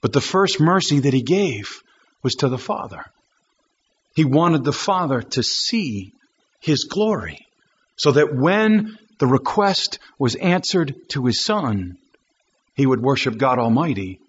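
A man's voice: mid-range voice, big pitch swings, unhurried, husky, dull audio. A man preaching a sermon, emphatic and driving home his points with repeated rhetorical questions.

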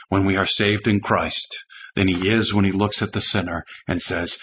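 A man's voice: fairly low pitch, steady tone, moderate pace, bright, forceful tone, dull audio. A male pastor preaching a sermon with an emphatic, repetitive cadence.

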